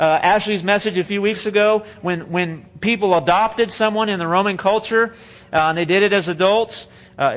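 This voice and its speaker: High-voiced man preaching conversationally. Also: a bit bright. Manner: conversational, repeats and restarts phrases, joking asides. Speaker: pastor. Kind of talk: sermon. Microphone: handheld or stage microphone.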